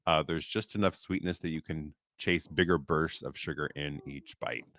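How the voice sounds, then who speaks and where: Male podcast co-host, thirties, very low voice, dry close sound, chatty and amused. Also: fairly even intonation, moderate pace, a bit bright, dry recording. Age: 30s. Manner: reads list entries aloud, laughs often. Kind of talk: casual chat.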